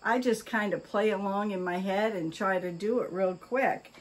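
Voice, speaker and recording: A woman's voice: mid-range voice, moderate pace. An older woman chatting casually while she opens fan mail, gushing with oohs, gasps and exclamations of delight. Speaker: vlogger opening fan mail. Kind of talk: casual mail-opening chat.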